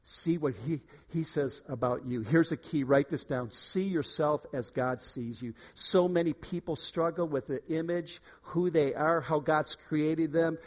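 A man preaching a sermon in a church room, emphatic, swinging between quiet and loud. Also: on the high side. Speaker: pastor.

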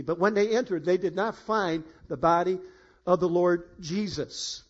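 A middle-aged man preaching a sermon as pastor, halting and repeating words, then building to emphatic peaks. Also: on the high side, slightly rough. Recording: muffled lo-fi sound.

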